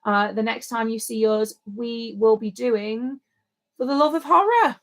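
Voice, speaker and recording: A woman's voice: fairly high pitch, a little slow. A woman co-hosting a livestream in casual, rambling chat. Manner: chatty and rambling. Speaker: livestream co-host.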